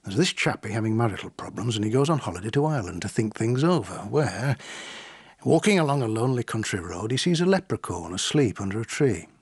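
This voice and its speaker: An actor playing a weary, dry-witted divorce solicitor, who speaks in a measured, formal way and narrates. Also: male voice, fairly low pitch, sing-song, husky. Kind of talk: radio drama with narration.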